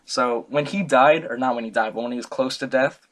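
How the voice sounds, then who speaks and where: A man's voice: medium pitch, brisk, slight background noise. A young man giving a casual, comic student talk, rambling, joking and correcting himself as he goes. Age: young adult. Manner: rambling, jokey, self-correcting. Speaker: student presenter.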